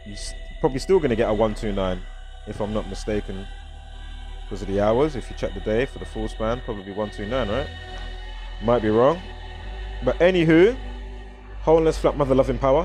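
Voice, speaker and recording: A mid-range, somewhat mellow male voice with a British accent wanders through casual vlog chatter, rattling off series of numbers.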